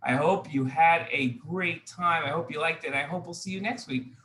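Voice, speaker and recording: A man hosts a children's show in a bright, forceful voice that rings through an echoey room. He speaks slowly and repeats things, turning straight to the kids watching. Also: on the high side, a little hiss or hum. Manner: slow, repetitive, addresses kids directly.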